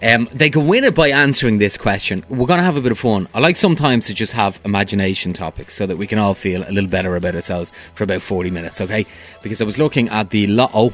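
A man's voice: lowish voice, lively intonation, fast, fairly bright tone. A man from Ireland co-hosting a radio show, chatting casually and laughing as he reads out a prize. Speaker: radio co-host.

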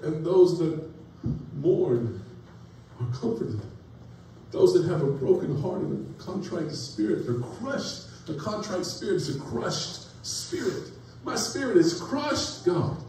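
A man's voice: fairly high pitch, expressive, slow pace, dark tone. A man preaches a folksy, story-filled sermon, his voice climbing as he builds each point. He sounds set back from the mic in a very echoey church sanctuary. A faint hiss sits under his voice. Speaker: pastor. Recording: echoey church room from far off, faint noise.

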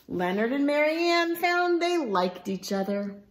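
A woman reading a picture book aloud for children, slow and expressive. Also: high-pitched, slight background noise. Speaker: storybook reader.

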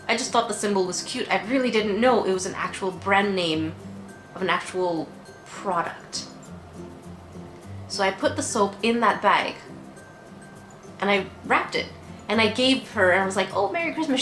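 A woman's voice: medium pitch, fairly bright tone. A young woman vlogging casually from bed while unwell, chatty and emotional, laughing often. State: unwell, tired. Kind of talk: casual chat. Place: bedroom at home. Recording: echoey room with faint music.

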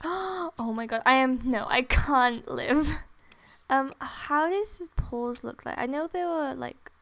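A young woman doing excited gameplay commentary, gasping, laughing and gushing near tears into a desktop microphone at home. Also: high voice. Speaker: gaming vlogger. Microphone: desktop USB microphone.

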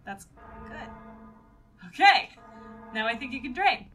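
A woman's voice: a little high, big pitch swings, takes it slowly, fairly bright tone, faint music behind. A woman chatting as co-host during a let's play, teasing and giving tips. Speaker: co-host watching the game. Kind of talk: let's play casual chat.

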